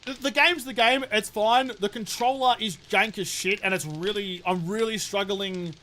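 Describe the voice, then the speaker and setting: A man's voice: high voice, fairly even intonation, moderate pace, pushed and bright, a little hiss or hum. A young man chatting casually while streaming a game, swearing freely and answering viewer questions. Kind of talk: casual live-stream chat while gaming.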